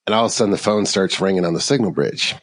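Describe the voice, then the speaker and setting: A middle-aged man co-hosting a podcast, telling a story in a rambling, animated way and laughing along with it. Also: deep voice, very fast. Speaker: podcast co-host. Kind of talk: casual storytelling. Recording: long hall reverb.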